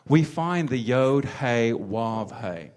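A man's voice: mid-range voice, lively intonation, slow, darkish tone. A man hosting a religious teaching talk, repeating words as he finds his phrasing. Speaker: host.

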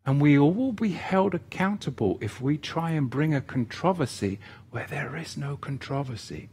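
A man's voice: fairly high pitch, animated, normal speed, darkish tone, a little hiss or hum. A man giving an earnest sermon-style teaching. He repeats key phrases and tells stories along the way. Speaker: Bible teacher.

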